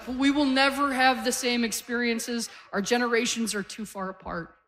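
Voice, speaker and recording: A woman's voice: fairly high pitch, fairly even intonation, moderate pace, a bit bright, faint music behind. A woman in her forties from Canada doing a stand-up set on stage, telling stories in a conversational way with punchy one-liners. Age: 40s. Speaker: stand-up comedian. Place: comedy stage before a live audience.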